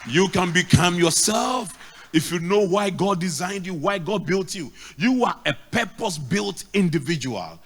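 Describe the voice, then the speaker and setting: High-pitched emphatic Ghanaian preacher, a man. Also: animated, measured pace, a bit bright, slightly rough, a faint crowd. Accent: Ghanaian English. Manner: emphatic preaching with repeated lines. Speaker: pastor. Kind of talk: sermon.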